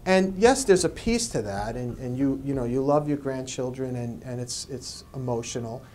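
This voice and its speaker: Man, medical expert, explaining, animated quotes. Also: medium pitch, moderate pace, a little hiss or hum. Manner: animated, acts out quoted people. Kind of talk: explanatory interview.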